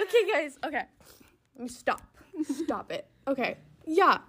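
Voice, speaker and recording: A young woman telling a personal story in a casual chat, emotional and halting, with many fillers. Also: sits high, sing-song, a bit bright. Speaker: guest.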